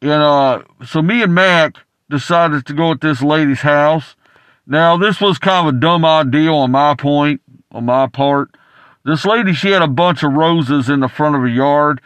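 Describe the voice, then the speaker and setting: A man on a call-in show, telling a story with many stumbles and "uh"s. His voice is fairly high for a man, and the sound is dry and close. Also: measured pace, fairly bright tone, no room sound. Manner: rambling, stumbling, many restarts and fillers. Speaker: caller. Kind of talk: rambling anecdote.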